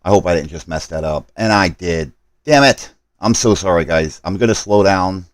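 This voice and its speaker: A man with a deep voice, speaking a little fast on a recording with no echo, is live streaming a game. He talks to his chat as he rushes through setup and apologizes for his mistakes.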